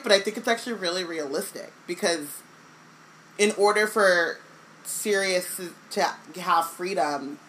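A young woman in casual chat, animated and quick, slipping into silly voices for the characters she talks about. Her voice sits a little low. A faint hiss of noise runs under the recording. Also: rough recording. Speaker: podcast co-host.

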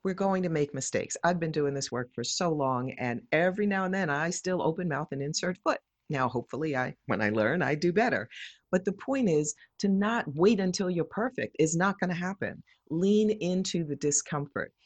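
A woman's voice: deep voice, animated, normal speed, no room sound. Direct, emphatic woman explaining. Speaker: diversity educator, guest. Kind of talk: conversational explaining.

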